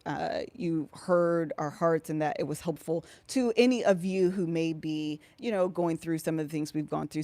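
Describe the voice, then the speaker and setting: A woman's voice: sits low, a little mellow, no room sound. A woman co-hosting a podcast, talking casually and loosely on a live stream. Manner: chatty, loose and informal. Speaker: podcast co-host.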